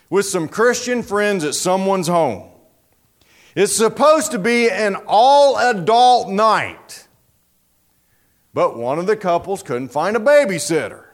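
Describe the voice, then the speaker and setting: A man preaching a sermon, telling a story in an animated, dramatic way. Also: high voice.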